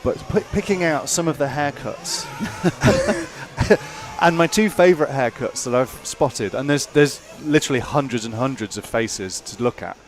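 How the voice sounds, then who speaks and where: A man's voice: medium pitch, normal speed. A man co-commentating a live race broadcast in an easygoing way, also reading sponsor plugs.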